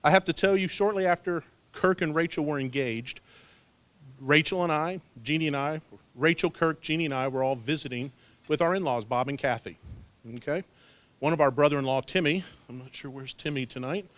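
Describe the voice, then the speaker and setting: A man's voice: fairly high pitch, brisk, fairly bright tone, no echo. A man in his fifties giving a wedding toast as father of the bride, folksy and peppering his lines with "okay?", speaking into a handheld mic at a reception. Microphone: handheld microphone.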